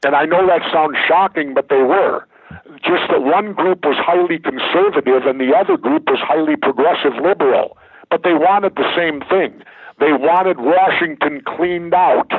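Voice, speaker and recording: An older man speaks bluntly and with emphasis, telling his stories with conviction. His voice is slightly high for a man and a little husky. It comes through a dry, tinny phone line. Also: normal speed, no room sound. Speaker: guest. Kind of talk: political interview.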